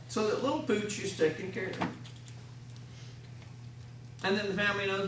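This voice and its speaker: A man's voice: high voice, moderate pace, vocal fry, pauses often, fairly bright tone, slight background noise. A man, a hospital chaplain instructor, giving a classroom lecture in a folksy way and acting out patients and families in little scenes. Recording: echoey room, mic at a distance.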